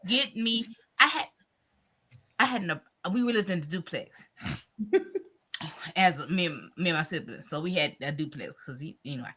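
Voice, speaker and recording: A woman hosting a livestream, telling stories in casual chat, acting out quotes and ending with a warm blessing. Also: fairly low pitch, normal speed, pauses often, slightly rough. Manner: animated, acts out quotes, breaks into laughter; warm blessing-style sign-off. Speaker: livestream host. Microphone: streaming setup.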